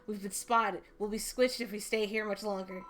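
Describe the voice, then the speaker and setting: A woman's voice: mid-range voice, steady tone, moderate pace, fairly bright tone, slight background noise, close to an everyday voice. A woman voicing a cheerful, chatty small slime creature in a video game, bubbly and apologetic as she reads its lines. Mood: worried.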